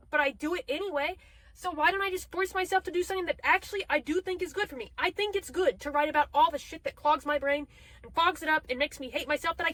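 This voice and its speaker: A young woman talking in a casual confessional video diary, rambling and animated, swearing freely as she works through her thoughts. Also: very high voice. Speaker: video diarist.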